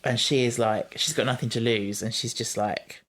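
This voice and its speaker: A podcast host, chatting casually about an episode, animated and quick to quote scenes. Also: medium pitch. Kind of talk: casual chat reviewing an episode.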